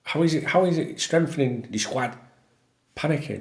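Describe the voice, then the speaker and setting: Man, gravelly voice, casual vlog talk, blunt, exasperated, swears a lot. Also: a little high, lively intonation, normal speed, a little mellow. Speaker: football fan vlogger. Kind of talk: casual solo talk to camera.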